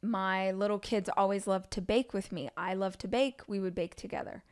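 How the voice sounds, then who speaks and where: This woman in her forties hosts a solo podcast, sharing candid, chatty stories about family life with frequent asides. Her mid-range voice is clear and resonant, with fairly even intonation and a normal speed.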